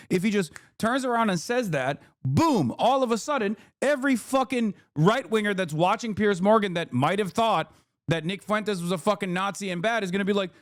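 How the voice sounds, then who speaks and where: A man's voice: sits high, lively intonation, a little fast, dry recording, clean studio sound. A man commenting on a debate clip during a live stream, arguing emphatically and swearing often. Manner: profane, emphatic, argumentative.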